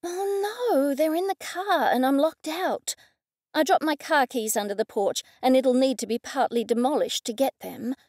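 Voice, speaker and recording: A woman voicing a flustered, sharp-tongued young city woman who talks back in an exasperated, snappy way. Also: high voice, normal speed, dry recording, studio quality.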